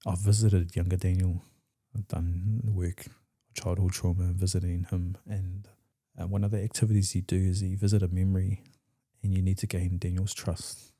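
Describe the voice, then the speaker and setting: A man's voice: low voice, level tone, moderate pace, hardly any pauses, mellow. A man with a New Zealand accent, a podcast guest telling his personal story in a raw, emotional way, swearing freely and re-enacting past conversations.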